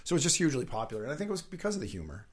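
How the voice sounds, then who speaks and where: A middle-aged man who is a guest on an interview show, telling rambling, lively anecdotes and laughing often. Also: mid-range voice, very fast, breathy edge. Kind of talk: casual anecdotal storytelling.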